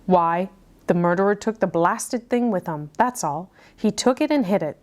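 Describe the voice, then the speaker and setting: A woman's voice: medium pitch, lively intonation, normal speed, a little mellow, lightly acted. A woman voicing a blunt, practical male village constable in a read-aloud mystery story. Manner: blunt, plain-spoken.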